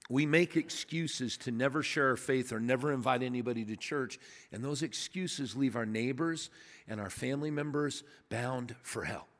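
A man's voice: mid-range voice, a bit bright, in a large hall. A man preaching a sermon as pastor, emphatic and conversational, telling stories to his congregation. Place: church sanctuary.

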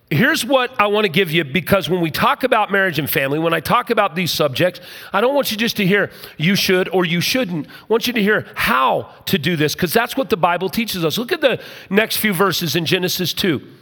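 A man's voice: high-pitched, lively intonation, moderate pace, bright, forceful tone, long reverb tail. An older man, a pastor, giving an emphatic sermon with humorous asides.

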